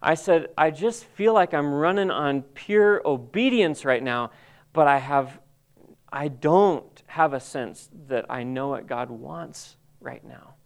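A middle-aged man telling a halting, emotional personal testimony to a group, full of restarts and pauses. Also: fairly high pitch, animated, creaky. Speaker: Bible college staff member.

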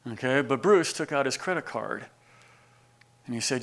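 A man in his forties delivers a sermon and tells a story. His voice has a gravelly, fry-tinged edge at a middle pitch. He slides from low, hushed asides into loud, emphatic declarations. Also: expressive, normal speed, long pauses. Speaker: pastor.

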